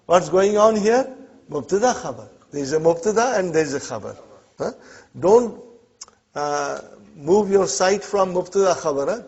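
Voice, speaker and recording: Husky man teaching a class. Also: on the high side, darkish tone. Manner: quizzing the class with frequent "huh?" prompts. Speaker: Arabic teacher. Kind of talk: classroom lesson. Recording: dull lo-fi classroom recording.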